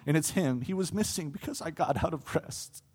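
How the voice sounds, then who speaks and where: A young adult man giving a sermon testimony, earnest and building to impassioned pleas with swings in loudness. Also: on the high side, moderate pace, husky. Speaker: preacher.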